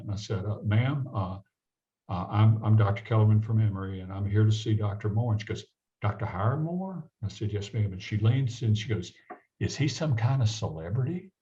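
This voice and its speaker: A man's voice: lowish voice, steady tone, brisk, warm tone, lo-fi sound. A man from the American South telling a personal story as a guest, acting out the voices of the people in it. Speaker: guest physician. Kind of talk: storytelling in a conversation.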